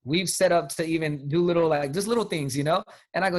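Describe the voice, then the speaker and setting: A man's voice: fairly high pitch, quick pace. A man coaching his sales team on a call, talking emphatically in casual slang. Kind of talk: motivational talk on a team call.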